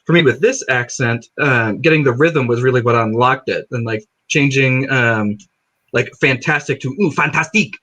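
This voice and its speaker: A man's voice: medium pitch, normal speed, sharp tone. A man who acts in a stage play, chatting casually in an interview with many fillers and restarts.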